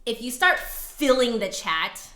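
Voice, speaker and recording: A woman's voice: on the high side, sing-song, slow pace, a bit bright. Giggly young woman chatting on stream. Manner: chatty, giggly, reads chat aloud. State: a little out of breath. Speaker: flutist streamer. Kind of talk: casual live-stream chat.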